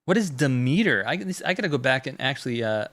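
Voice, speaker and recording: A man hosting a live stream, talking fast and rambling with many restarts as he comments on a clip. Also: mid-range voice, big pitch swings, a bit bright. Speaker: host.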